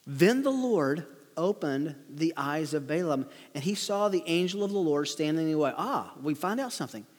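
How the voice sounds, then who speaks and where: A man with a high voice tells a Bible story to children, reading verses and stopping to explain in an animated, amused way. His voice carries a long hall reverb, as if recorded in a large church room. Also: normal speed. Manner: animated storytelling, chuckles at funny bits. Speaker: preacher teaching children. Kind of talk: Bible lesson for kids, read-aloud with commentary.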